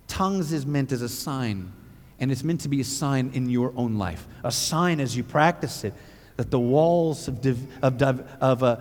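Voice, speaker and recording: A man preaching a sermon and telling a personal testimony in an animated storytelling manner, his voice climbing high when excited. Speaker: pastor. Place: church hall. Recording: long church hall reverb.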